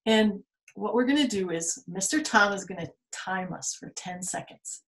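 This children's museum storytime reader and art teacher speaks at a medium pitch as she reads a picture book to kids and directs a drawing exercise. Animated throughout, she exclaims readily and laughs along with the pictures. Her phone or tablet camera picks up echoey room sound.

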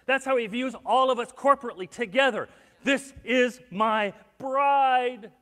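A man preaching a sermon as pastor, telling stories with acted-out quotes and swinging between hushed and loud. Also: very high-pitched, measured pace, big-room sound. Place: church sanctuary.

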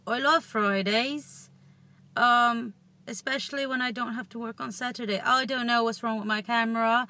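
A woman's voice: fairly high pitch, bright, forceful tone. A young woman in her twenties vlogging from inside a parked car. She rambles playfully in a put-on British accent. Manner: playful, rambling, self-amused. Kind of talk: casual vlog chat. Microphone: handheld camera close up.

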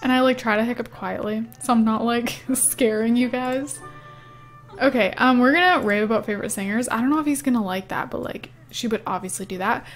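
A woman's voice: fairly high pitch, fairly quick, soft background music. A young woman casually narrating her life-simulation game as a gaming YouTuber, chatty and giggly, with lots of "um" and "like". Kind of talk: casual let's-play commentary.

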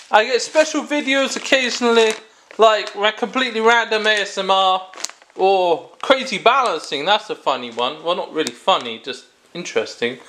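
A man hosting a comic product-review vlog, rambling with jokey asides and quick self-corrections. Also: high-pitched, bright, forceful tone, a little hiss or hum.

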